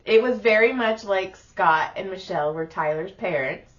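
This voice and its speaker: A woman's voice: medium pitch, normal speed. A middle-aged woman co-hosting a podcast in casual chat, blunt and profane as she tells stories, recovering from laryngitis. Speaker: podcast co-host. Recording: dull lo-fi sound.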